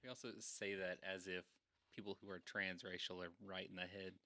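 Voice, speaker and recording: A man's voice: deep voice, flat delivery, fairly quick, bright, forceful tone. A young man co-hosting a casual podcast chat in a wry tone, laughing often. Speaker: podcast co-host.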